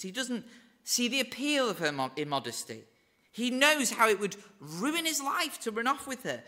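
A man with a Northern English accent preaches a sermon in an earnest, conversational tone. His voice is very bright and sits a little high for a man. He slips in wry asides as he goes.

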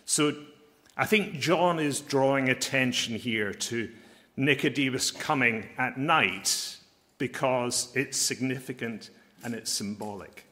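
A man preaching a sermon as a pastor and chaplain, earnest and emphatic, slowing down to stress key phrases. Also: mid-range voice, pushed and bright.

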